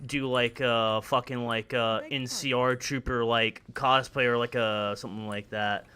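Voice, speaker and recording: Man, clear smooth voice, casual gameplay chat, rambling, sweary. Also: medium pitch, steady tone, measured pace, bright, forceful tone.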